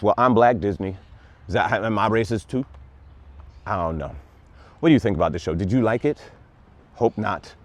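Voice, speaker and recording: A man's voice: on the low side, a little mellow. A man giving a casual, rambling and sarcastic review of a TV show, plainly exasperated.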